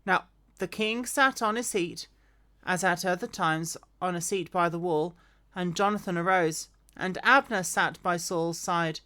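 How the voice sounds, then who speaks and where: A woman's voice: fairly low pitch, measured pace, few pauses, sharp tone. A woman reading a Bible passage aloud in an unpolished way, often restarting and correcting herself. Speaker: scripture reader.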